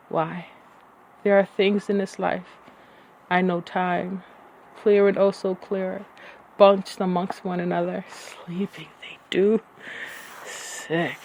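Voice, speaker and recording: Poet reading their stuff, dramatic n brooding, mid pitch, bit of noise behind. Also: gravelly, darkish tone. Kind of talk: poetry reading.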